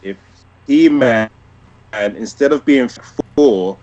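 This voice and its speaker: A man's voice: mid-range voice, slow, darkish tone, highs cut off. Hesitant man chatting casually. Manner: hesitant, repeats words and restarts. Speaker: podcast co-host. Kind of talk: casual chat.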